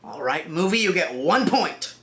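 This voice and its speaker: A woman's voice: lowish voice, lively intonation, normal speed, fairly bright tone, a little hiss or hum. A woman narrating a comedic film review in a sarcastic, exasperated manner.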